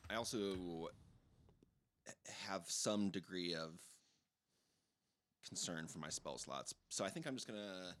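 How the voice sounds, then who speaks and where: A man playing a tabletop game as a player, deliberate and expressive as he plans his turn. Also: deep voice, slight background noise. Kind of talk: casual tabletop play.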